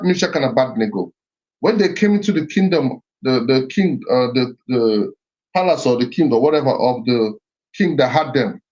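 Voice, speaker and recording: Middle-aged guy talking about roots and identity, earnest, repeats stuff, kinda high for a man, muffled audio. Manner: earnest, repeats himself and restarts phrases. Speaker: speaker on heritage and identity. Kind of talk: reflective motivational talk. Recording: slightly muffled recording.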